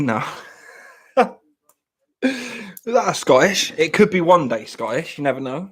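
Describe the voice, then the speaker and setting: A man's voice: fairly high pitch, big pitch swings, a little slow, long pauses, fairly bright tone, husky. A man, chatting casually on a live stream, joking and rambling as he answers viewers in the chat. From England.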